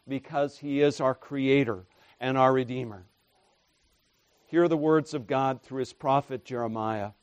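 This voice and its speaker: A man preaching a sermon, dropping to quiet murmurs and rising to loud proclamations, with rhetorical questions and repeated refrains. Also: mid-range voice, a little slow, dry recording.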